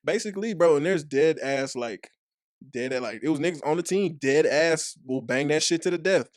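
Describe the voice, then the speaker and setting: A man's voice: a little high, moderate pace, dry recording, studio quality. A young man from Dallas with a Texas accent, a former football player telling loose, profane stories as a guest on a podcast. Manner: loose, profane storytelling full of "like" and acted-out quotes. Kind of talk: casual chat.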